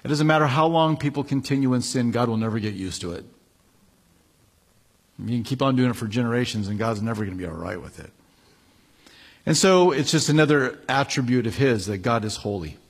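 A man's voice: mid-range voice, expressive, brisk, breathy edge. A male pastor preaching a sermon, reading scripture with building emphasis and then explaining it casually.

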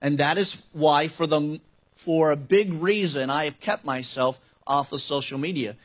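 A man's voice: on the high side, unhurried. A man preaching a sermon as pastor, talking conversationally and emphatically, asking rhetorical questions and joking with his congregation.

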